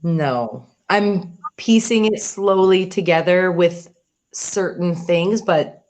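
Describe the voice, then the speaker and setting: A woman learning tones as a student on a video call, measured and careful as she repeats tones back. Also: lowish voice, darkish tone. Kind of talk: live online lesson.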